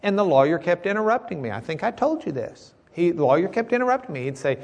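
Middle-aged Southern male Bible teacher, joking and folksy, fairly high-pitched. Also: sing-song, gravelly, a little mellow. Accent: American Southern. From Southern United States. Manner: folksy and joking, reading verses slowly. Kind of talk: Bible class lecture.

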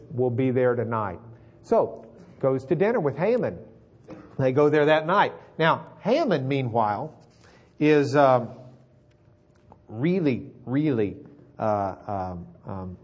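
A male preacher retelling a story in a conversational, animated, folksy sermon. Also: medium pitch, slightly rough, highs cut off.

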